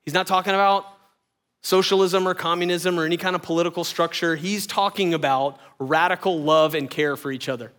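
A pastor preaching a sermon in a conversational, animated way, with teasing asides. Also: male voice, fairly high pitch, brisk.

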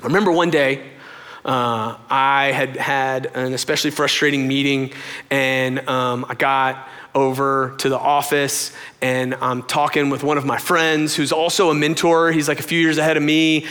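A young man preaches, telling a personal story with animated energy and a fairly high voice. When he acts out what people said, his pitch leaps even higher. The recording carries a long reverb from a large hall. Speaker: pastor. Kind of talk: sermon.

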